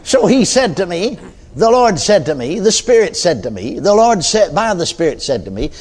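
A man's voice: high voice, sing-song, normal speed, darkish tone, slightly rough, a faint crowd. An older man preaching a sermon in a folksy storytelling way, often adding amens and hallelujahs.

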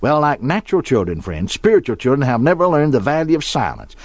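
A man's voice: medium pitch, big pitch swings, brisk, few pauses, dry recording. A middle-aged man preaching a sermon as a pastor, telling homely stories in a folksy way. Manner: folksy storytelling preacher, acts out quoted voices.

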